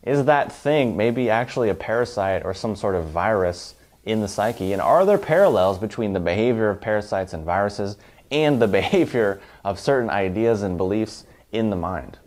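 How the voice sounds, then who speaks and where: A man's voice: on the low side, expressive, normal speed, darkish tone. A man giving a motivational self-help talk, emphatic and piling up long lists.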